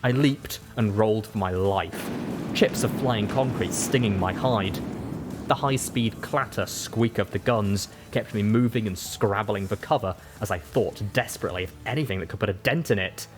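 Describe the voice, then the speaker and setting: A man narrating a first-person story as an audiobook reader, steady and measured. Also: on the low side, over music.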